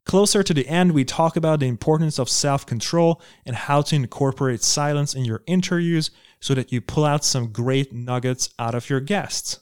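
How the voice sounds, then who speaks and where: A man's voice: fairly high pitch, moderate pace, hardly any pauses, clean tone, no echo. Enthusiastic male podcast host, dry sound. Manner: enthusiastic, promotional. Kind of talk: podcast intro and interview.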